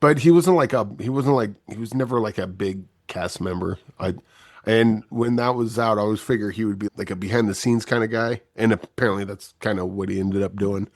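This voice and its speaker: A man reviewing films on a casual podcast, talking in a low, monotone, laid-back way. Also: brisk, dry recording, clean studio sound. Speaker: film reviewer, co-host.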